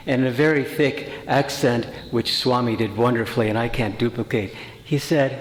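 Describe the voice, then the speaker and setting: A man at a middle pitch gives a spiritual talk to a retreat group, chatty and full of stories, often stopping to restart a phrase. His voice carries a roomy echo with a long reverb tail from the hall. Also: normal speed, slight background noise. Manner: anecdotal, conversational, many fillers and restarts. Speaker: retreat teacher.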